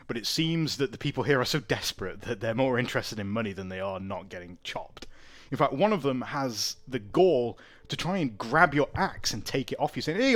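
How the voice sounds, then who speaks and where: Male game master, mid-pitched, loose chatty narration with frequent laughs. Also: a bit bright. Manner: laughs often, loose with fillers.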